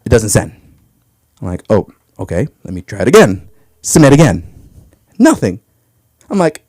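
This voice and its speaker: A young man doing open mic stand-up, telling a story and jumping into high voices when he quotes himself. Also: normal speed, long pauses, no echo, rough recording. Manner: animated, jumps into high voices for his own quotes. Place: comedy club stage.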